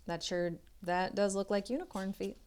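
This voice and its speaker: A young woman and literacy tutor reading a children's picture book aloud, expressive and chatty, with asides to the listener. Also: mid-range voice, moderate pace, clean tone.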